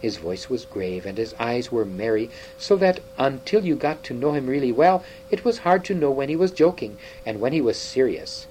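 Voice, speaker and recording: A man narrating a children's story aloud in a lively, expressive manner. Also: mid-range voice, normal speed, hardly any pauses, slight background noise, low-quality recording.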